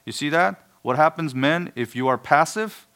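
A man preaching a sermon, stressing words loudly and then dropping to quiet asides. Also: a little high, animated, moderate pace. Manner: emphatic, swings between hushed asides and loud stressed words.

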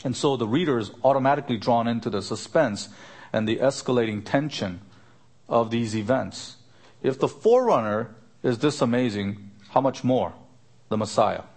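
A man preaching an expository sermon, earnest, lifting his voice to stress a point and repeating his questions. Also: darkish tone. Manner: earnest, rising pitch for emphasis, repeats questions. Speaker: pastor.

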